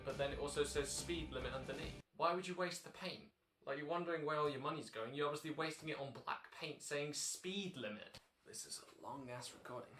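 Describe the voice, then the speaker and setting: Brit vlogger, medium pitch, chatty and deadpan-funny, roomy recording with music. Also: male voice, far from the mic. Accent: British English. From Britain. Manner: chatty, dry jokey asides. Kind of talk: casual vlog narration. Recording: echoey room with background music.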